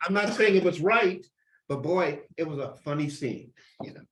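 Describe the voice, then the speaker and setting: A man's voice: on the high side, lively intonation, moderate pace, a bit bright, reverberant. A man leading a church class discussion, prompting others with short questions. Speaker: class leader.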